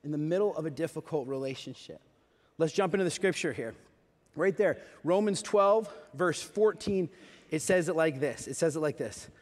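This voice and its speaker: Youth pastor, male, animated storyteller sermon, echoing church hall. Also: fairly high pitch, normal speed. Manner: animated, swings from loud excitement to hushed reflection. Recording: long hall reverb.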